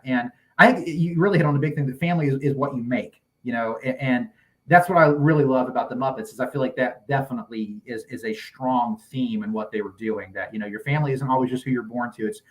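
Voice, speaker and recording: A man's voice: mid-range voice, quick pace, poor audio. A man hosting a casual podcast chat about movies, enthusiastic, laughing often and restarting his sentences. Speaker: podcast host.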